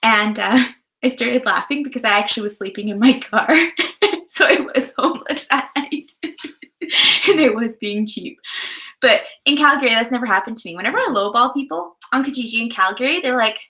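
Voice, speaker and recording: Woman, from Canada, livestream host, giggly chatter, bright tone. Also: a little high, brisk. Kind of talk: casual livestream chat.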